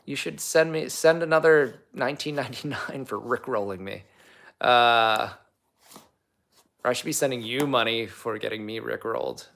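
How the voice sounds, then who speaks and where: A man's voice: medium pitch, moderate pace, creaky, a bit bright. A young man hosting a casual livestream, answering viewer comments in a rambling, chatty way full of fillers. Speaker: livestream host and actor.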